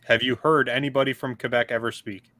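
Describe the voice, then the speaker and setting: A man's voice: mid-range voice, steady tone, fairly quick, pushed and bright, no echo. A man co-hosting a casual gaming podcast, ribbing his friends. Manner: ribbing, teasing. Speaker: co-host.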